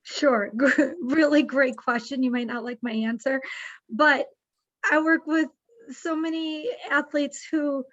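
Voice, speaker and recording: Woman podcast guest, high voice, animated storyteller, dry and slightly dull sound. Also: no room sound. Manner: acts out quoted dialogue with lively shifts in pace. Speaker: nonprofit executive, guest.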